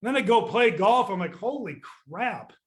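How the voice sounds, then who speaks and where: A man's voice: high-pitched, quick pace. An older man, a real estate sales coach ranting bluntly and with exasperation, swearing casually in a podcast chat. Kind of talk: candid podcast rant.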